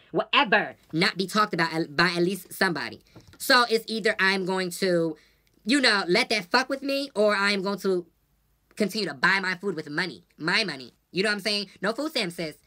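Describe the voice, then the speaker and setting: A woman's voice: mid-range voice, pushed and bright. A woman vlogger venting casually to her viewers, blunt and profane, telling stories with lots of animation.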